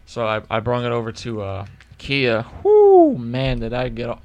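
A young man telling a story in a casual chat, animated and profane, acting out both sides of the dialogue. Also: mid-range voice, normal speed, clear, resonant tone, dull audio. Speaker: podcast co-host.

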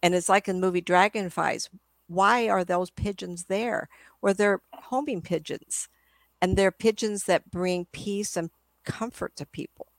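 A woman's voice: medium pitch, a little slow, no echo. An older woman, a psychic medium guest, telling rambling stories in a casual interview. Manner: rambling, chatty storyteller.

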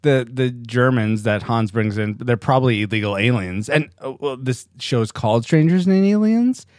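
Lively male podcast host. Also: medium pitch, dry recording, studio quality. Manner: lively, joking, quick to laugh. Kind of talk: casual podcast chat.

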